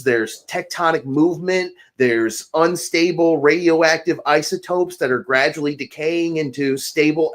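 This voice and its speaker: A man in casual conversation, confidently and emphatically explaining an argument, with frequent swearing. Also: on the high side. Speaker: podcast guest.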